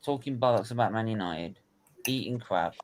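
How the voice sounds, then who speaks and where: A man's voice: on the low side, moderate pace, crowd noise. A man hosting a football watchalong stream, blunt, swearing and laughing a lot. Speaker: stream host. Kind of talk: casual live watchalong banter.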